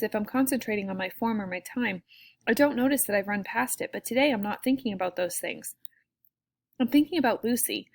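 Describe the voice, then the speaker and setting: Soft-spoken woman narrating an audiobook. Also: medium pitch. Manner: soft, reflective. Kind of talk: first-person audiobook narration.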